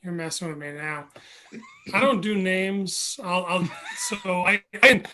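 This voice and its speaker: Man, contestant on a call, bright voice, faint noise, joking, rambling. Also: high voice, unhurried. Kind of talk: casual game show banter.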